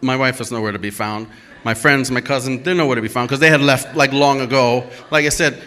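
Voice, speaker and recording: A man telling a true story at a live storytelling event, animated and emphatic, acting out the dialogue as he goes. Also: medium pitch, brisk.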